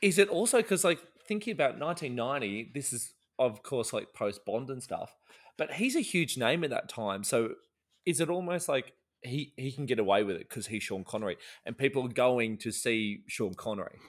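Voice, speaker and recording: Man, mid pitch, co-host, playful asides in casual chat. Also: expressive, moderate pace. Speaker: podcast co-host.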